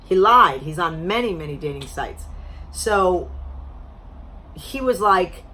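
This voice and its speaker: A woman vlogger telling a story to camera in a blunt, animated way, swearing freely, her voice a little strained as she loses it. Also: fairly low pitch, slow, slight background noise. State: losing her voice.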